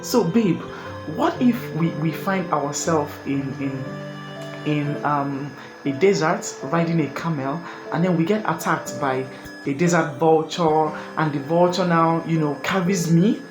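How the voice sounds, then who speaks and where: A woman's voice: low-pitched, unhurried. Man playing his girlfriend, young woman, eager and insistent, in an echoey room with music. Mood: excited. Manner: insistent, pleading. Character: excitable young girlfriend asking a wild what-if.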